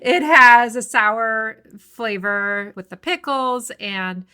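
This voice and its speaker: A woman's voice: on the high side, takes it slowly, pushed and bright, clear, resonant tone. A woman co-hosting a food podcast, chatting casually and explaining dishes to listeners. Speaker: podcast co-host.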